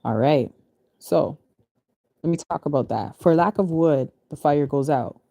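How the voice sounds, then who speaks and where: Mellow-voiced woman musing on scripture. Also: sits low, a little slow, vocal fry, dry recording, clean studio sound. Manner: reads verses then explains them in loose chatty asides; laughs easily, restarts phrases. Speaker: spiritual reader. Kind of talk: casual scripture reading and commentary.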